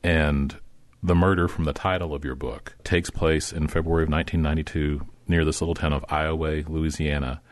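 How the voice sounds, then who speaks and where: Interviewer guy w a super deep voice, dry sound. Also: level tone, fairly quick, no room sound. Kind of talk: interview questions.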